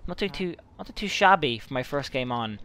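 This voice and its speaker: A young man talks through his gameplay in a bright, forward voice. He is excitable and swears freely, breaking into sudden outbursts. Faint background noise sits under his voice. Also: mid-range voice, fast talker. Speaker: gaming channel host. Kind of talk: gameplay commentary.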